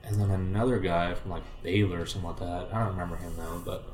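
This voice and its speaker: A young Southern California man, a former baseball player appearing as a guest, swaps stories in a casual chat with a lowish, steady voice and fast delivery. His slang is relaxed, packed with "like" and "dude" plus mild swearing, and he jumps high and loud whenever he quotes himself. The room lends a roomy echo.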